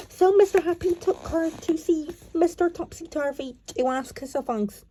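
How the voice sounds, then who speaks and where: High-pitched woman narrator, halting storybook read with many restarts. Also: dark tone.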